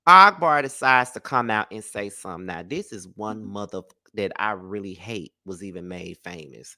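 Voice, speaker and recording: A man's voice: on the low side, expressive, moderate pace, hardly any pauses, bright, forceful tone, no room sound, clean studio sound. A man giving casual celebrity gossip commentary in a blunt, profane and sassy way.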